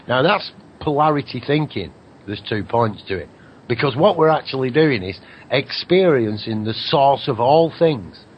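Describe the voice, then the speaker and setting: A man's voice: medium pitch, muffled recording, a little hiss or hum. A man hosting a radio show, rambling through a spiritual monologue, swearing now and then and slipping into mocking voices for other people.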